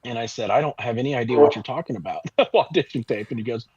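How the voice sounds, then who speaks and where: A man's voice: mid-range voice, quick pace, darkish tone, breathy edge, no echo. A man from the Kansas City area, a barbecue pitmaster guest, telling a long rambling story in a casual interview with lots of restarts. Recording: dull lo-fi audio.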